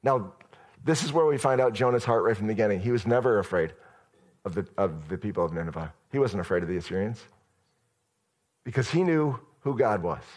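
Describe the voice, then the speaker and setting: A man's voice: on the low side, expressive, fairly quick, darkish tone. A male pastor giving a sermon in a conversational storytelling manner, addressing the church directly.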